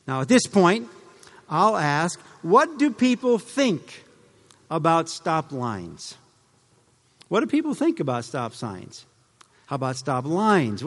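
A middle-aged man gives a talk to a live audience, asking rhetorical questions and adding wry asides. His voice sits high for a man. Long reverb from a large hall trails after each phrase. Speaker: speaker addressing an audience.

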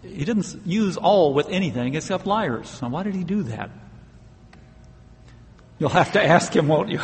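A man preaching a sermon in an earnest, emphatic way, leaning hard on the words he wants to stress. His voice sits a little higher than most men's, and a long reverb trails behind it as if he is in a large hall. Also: lively intonation, normal speed, pauses often. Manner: earnest, emphatic, with occasional laughs.

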